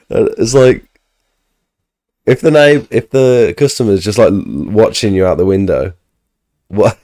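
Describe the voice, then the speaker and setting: A man's voice: lowish voice, unhurried, mellow. A man live-streaming, casually reacting to a video in a laid-back, chatty way, often laughing.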